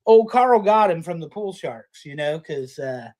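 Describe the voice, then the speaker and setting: A man's voice: a little high, lively intonation, measured pace, a little mellow. A middle-aged man, a podcast co-host, rambling in casual chat with profane rants.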